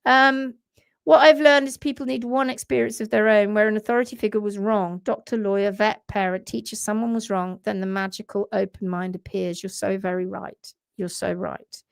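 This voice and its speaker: A woman's voice: medium pitch, fairly even intonation, moderate pace, creaky, clear, resonant tone, no room sound, studio quality. A woman co-hosting a podcast in casual live chat, passionate, often reading out viewer comments. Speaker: podcast co-host.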